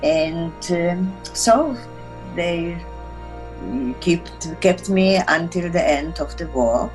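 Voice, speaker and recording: A woman, recounting her life in an interview in halting, broken English as she searches for words. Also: lowish voice, a little mellow, faint music behind, low-quality recording. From Czechoslovakia. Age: 80s. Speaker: interviewee, Holocaust survivor. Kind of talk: personal storytelling in interview.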